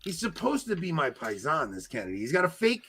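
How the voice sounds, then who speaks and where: A man in his forties co-hosting a podcast, talking loudly and excitably, joking around in casual chat. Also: on the high side, fairly quick, creaky, a crowd in the background. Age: 40s. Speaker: podcast co-host.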